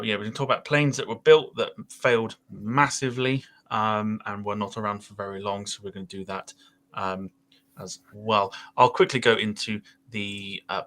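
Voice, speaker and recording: A man's voice: fairly low pitch, a bit bright. A man hosting a casual podcast chat, rambling a little with fillers as he goes. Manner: rambling, with frequent fillers and laughs. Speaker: podcast host.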